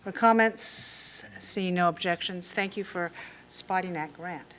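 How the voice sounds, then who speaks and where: A woman with a bright, tense voice chairs a public meeting, speaking in short, formal procedural phrases. Faint noise sits behind her. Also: on the low side, measured pace.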